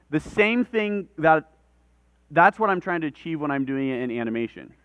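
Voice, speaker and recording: A man's voice: fairly high pitch, sing-song, moderate pace, fairly bright tone, clean tone, no echo. A man leading a live workshop, explaining things in a conversational way and talking with his hands. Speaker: workshop presenter. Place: conference room with audience.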